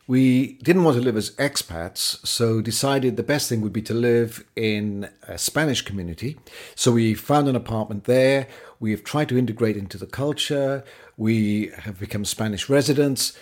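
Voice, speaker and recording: A middle-aged man recounts his own life in an even, measured manner. His voice sits at an ordinary middle pitch. He talks like a Christian sharing personal reflections. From Britain.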